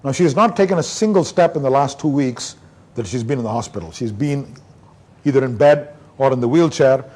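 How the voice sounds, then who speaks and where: A man's voice: medium pitch, fairly quick. A man from India giving a neurology conference lecture, telling case stories and acting out his talks with patients. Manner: animated storyteller, acts out doctor-patient dialogue.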